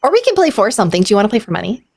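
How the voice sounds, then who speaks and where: A woman's voice: mid-range voice, sing-song, rapid-fire, vocal fry, a little mellow, slightly rough, full character voice. A woman playing a teasing tavern dice player. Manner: teasing, playfully competitive. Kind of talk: tabletop game role-play.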